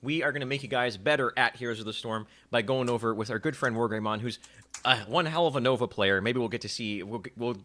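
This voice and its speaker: A man hosting a casual gaming show, excitable and joking with his guests over a call. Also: mid-range voice, quick pace. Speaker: show host. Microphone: video call.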